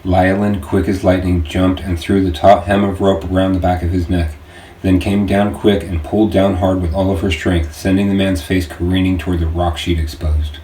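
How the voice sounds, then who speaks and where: A man narrates his own audiobook in a slow, measured way. His voice is very deep and almost monotone. The recording sounds roomy and distant, with a faint hiss behind it. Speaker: author reading his audiobook. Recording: echoey room, distant mic, faint noise.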